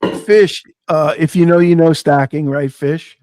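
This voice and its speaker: A man's voice: fairly high pitch, steady tone, a little slow, darkish tone, no room sound. A man chatting on a livestream in an easygoing, wisecracking way. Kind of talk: casual livestream chat.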